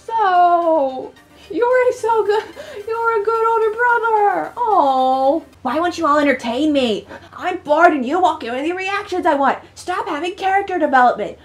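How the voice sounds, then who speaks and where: Excitable woman with a high, lively voice. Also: a little slow, soft background music. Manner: excitable, dramatic reactions, laughs a lot. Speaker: gaming video host. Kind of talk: let's-play reaction commentary.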